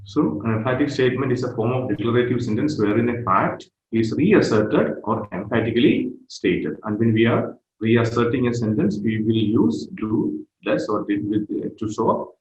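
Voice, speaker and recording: A man giving an online grammar lesson, speaking slowly and repeating key phrases with pauses. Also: medium pitch, animated, darkish tone, dull audio. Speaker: grammar teacher. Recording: roomy echo with faint noise.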